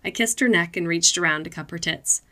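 A woman narrates adult fiction aloud in an even, unhurried way. Her voice sits on the low side yet sounds bright and tense at the edges. The reading stays steady and measured throughout.

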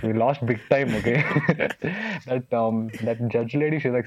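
A man's voice: mid-range voice, steady tone, measured pace, a little mellow, no room sound. A young man from India co-hosting a podcast, chatting casually with friends and laughing a lot as he teases them. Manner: laughs often, slangy and teasing. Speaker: podcast co-host. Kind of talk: casual chat among friends. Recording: dull dry lo-fi sound.

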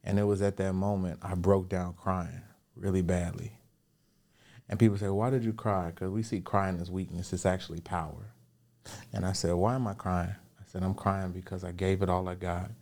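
Lively low-voiced man telling a story. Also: normal speed. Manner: animated, acts out quoted voices. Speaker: podcast guest, business coach. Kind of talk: storytelling and motivational advice.

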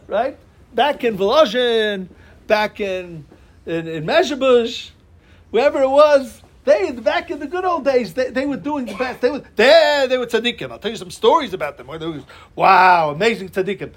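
A man's voice: very high-pitched, lively intonation, normal speed, slight background noise. A man giving a Torah class, talking animatedly and asking his listeners rhetorical questions. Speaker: Torah teacher.

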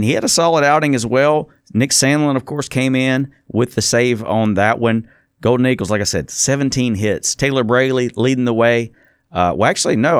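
A man's voice: medium pitch, no echo, studio quality. A man hosting a casual sports talk show, running through game stats. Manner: reads off stats in a steady rundown.

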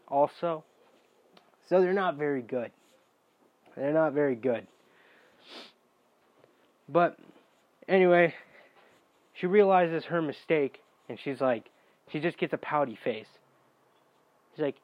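A man's voice: on the high side, unhurried, pauses often, no echo. Young male vlogger, exasperated and profane, storytelling; dull mic, dry room. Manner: profane, exasperated, bursts into shouting. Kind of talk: casual storytime rant.

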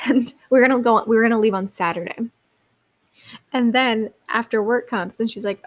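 A woman's voice: a little high, moderate pace. Young woman, solo podcast host, chatty and rambling. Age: young adult. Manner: chatty and rambling, lots of likes and restarts. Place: seated in a chair.

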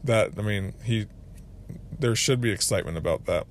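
A man's voice: on the low side, normal speed, a little hiss or hum. A man hosting a solo podcast, giving earnest political commentary, often restarting his phrases and reading quotes aloud. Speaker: podcast host.

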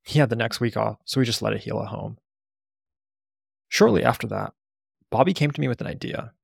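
Gravelly, husky man reading a memoir. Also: medium pitch, fairly quick, dry recording, clean studio sound. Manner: blunt, profane storytelling. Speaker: narrator. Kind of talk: first-person memoir narration.

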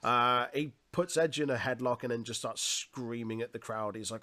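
Man, casual podcast co-host, mid-pitched voice, chatty and sweary. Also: fairly even intonation, brisk, few pauses, sharp tone. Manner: conversational, recapping matches with laughs and swearing. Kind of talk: casual chat.

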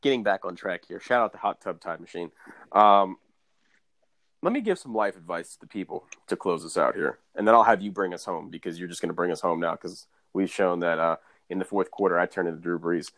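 A man's voice: low voice, a little fast, fairly bright tone, dry recording. A young man co-hosting a podcast, rambling and joking in casual chat. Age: young adult. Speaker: podcast co-host.

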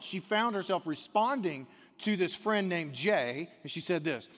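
A pastor with a fairly high male voice delivers a sermon at normal speed with hardly any pauses, his words fading into the long reverb of a large hall. He dips into quiet asides, then rises to near-shouted emphasis.

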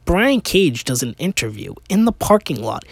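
A man's voice: fairly high pitch, very animated, moderate pace, vocal fry, slightly rough, dry recording. A man hosting a casual opinion podcast, rambling with restarts and rhetorical questions, sounding exasperated. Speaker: podcast host.

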